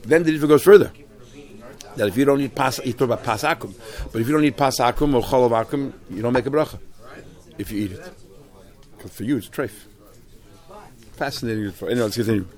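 A man leading a Talmud class, explaining texts in a loose, animated way with many restarts and Hebrew and Yiddish terms. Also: mid-range voice, quick pace, long pauses. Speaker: Talmud teacher.

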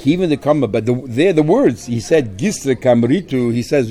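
A man's voice: mid-range voice, lively intonation, fairly quick, few pauses, warm tone. A man teaching a Talmud lesson, explaining step by step and weaving Aramaic and Hebrew terms into his English. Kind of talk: Talmud study lecture.

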